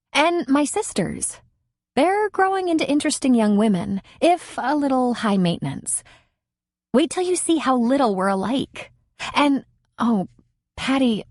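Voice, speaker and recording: A woman's voice: a little high, a little mellow, dry recording, studio quality, voice pushed up. A woman voicing an eager, wistful young woman in love in an audiobook.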